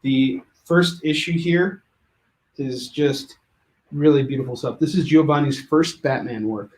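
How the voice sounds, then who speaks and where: A man hosting a live comic book sales show, pitching books with joking, rambling asides. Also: darkish tone. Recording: echoey room.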